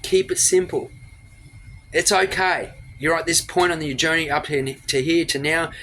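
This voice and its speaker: A man's voice: fairly high pitch, steady tone, a bit bright, slight background noise. A man giving a blunt, profane motivational rant straight into his phone camera. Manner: blunt, profane, rapid-fire lecturing. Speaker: motivational vlogger.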